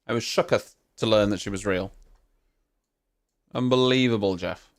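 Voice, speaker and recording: A man's voice: fairly low pitch, moderate pace. A man hosting a live stream, giving casual reaction commentary with chatty, teasing banter and casual swearing.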